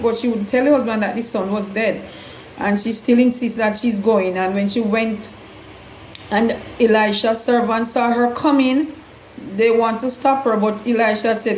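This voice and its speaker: A woman's voice: mid-range voice, fairly even intonation, normal speed, darkish tone. A woman earnestly retelling Bible stories in loose, non-standard grammar, with an echo around her voice. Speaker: host, Bible storyteller. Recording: echoey room with faint hum.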